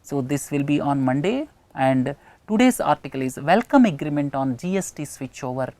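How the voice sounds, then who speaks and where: A woman with an Indian English accent teaches an English lesson, repeating key phrases to drive points home. Her voice sits very low, yet her intonation rises and falls in a lively way. The recording is dry and close. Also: normal speed, no echo. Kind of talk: recorded lecture explaining an editorial.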